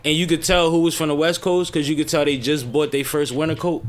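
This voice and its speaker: A man's voice: on the high side, steady tone, fast talker. A man in casual podcast chat, telling rambling stories in a laid-back way.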